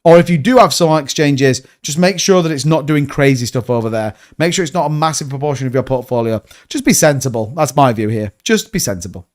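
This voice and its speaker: A man's voice: on the high side, a little fast, hardly any pauses, darkish tone. A man with a Yorkshire accent, chatting bluntly on a livestream and answering viewers, often repeating himself and calling people mate. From Yorkshire, England. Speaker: crypto livestream host. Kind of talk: casual livestream chat reading viewer comments.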